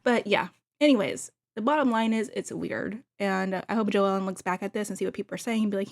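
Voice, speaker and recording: A woman talking straight to her viewers in a loose, gossipy recap. Her voice sits at an ordinary middle pitch. She chats freely and breaks off into gushing asides to her audience. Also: brisk, gravelly. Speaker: TV recap host.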